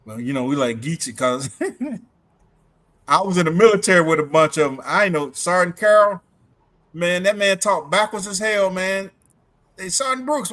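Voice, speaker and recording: A middle-aged man co-hosting a casual livestream, telling animated stories from home, laughing often and acting out quotes. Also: high-pitched, moderate pace. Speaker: livestream co-host. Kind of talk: casual chat.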